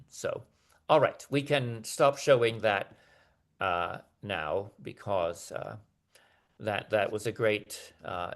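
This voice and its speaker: A man giving an academic lecture over a video call, talking hesitantly with many fillers and restarts. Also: on the low side.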